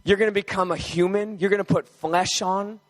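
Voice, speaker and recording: A man voicing God the Father as a calm, fatherly figure who teases his son gently. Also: sits high, fairly quick, pitched below the performer's own voice, close to an everyday voice.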